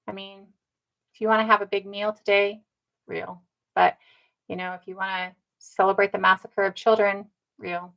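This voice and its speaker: A woman's voice: medium pitch, level tone, moderate pace, creaky, long pauses, highs cut off. A woman talking straight to her viewers in a casual monologue, earnest, with many ums and rhetorical "right?" tags. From Indigenous North America. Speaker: commentator. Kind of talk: casual direct-to-camera monologue.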